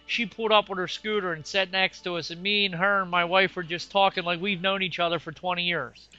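A man's voice: sits high, fairly even intonation, a little fast, pushed and bright, lo-fi sound, soft background music. A man co-hosting a podcast, chatting casually in a folksy, enthusiastic way. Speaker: podcast co-host. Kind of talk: casual chat.

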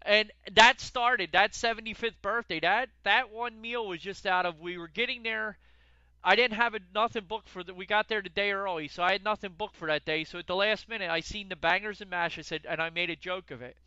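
A middle-aged man co-hosting a casual chat, an animated storyteller who repeats words when he gets excited. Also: sits high, a little fast, clear, resonant tone, no room sound, highs cut off. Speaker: podcast co-host.

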